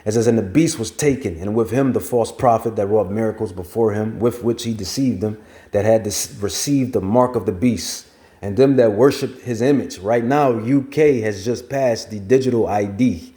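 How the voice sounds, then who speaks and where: A man's voice: lowish voice, moderate pace, mellow. A man preaching and reading scripture at length, rambling and repeating phrases for emphasis, with features. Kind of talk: scripture teaching.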